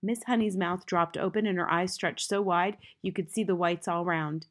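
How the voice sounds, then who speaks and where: Expressive woman reading a children's novel. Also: lowish voice, normal speed. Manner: expressive, rising in intensity at dramatic moments. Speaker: audiobook narrator. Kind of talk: scripted storybook narration.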